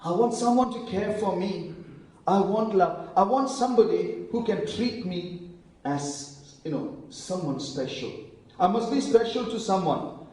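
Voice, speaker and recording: Man, preacher, sermon, storytelling, mellow tone, very echoey hall. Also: high voice, animated, a little slow, recorded from a distance. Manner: storytelling, acting out quotes in hushed voices.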